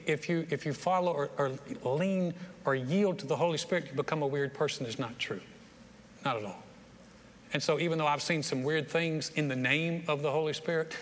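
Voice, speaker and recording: A man preaching a lively sermon as pastor, repeating phrases and acting out other people's voices, on a stage microphone in a church auditorium. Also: fairly high pitch. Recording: long hall reverb, faint room noise.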